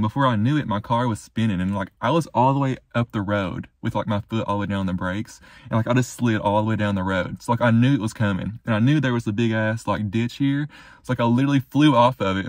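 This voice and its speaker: A man's voice: on the low side, no room sound. Rambling, swearing young guy. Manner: rambling, heavy swearing, lots of "like" and "y'all". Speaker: vlogger. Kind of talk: casual vlog to camera. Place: car and roadside in snow, then parked truck.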